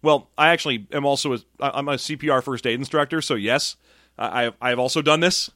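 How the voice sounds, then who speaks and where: A young man co-hosting a tabletop gaming podcast, chatting casually with animated, jokey asides. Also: mid-range voice, fast, no echo, studio quality. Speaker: podcast co-host. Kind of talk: casual chat.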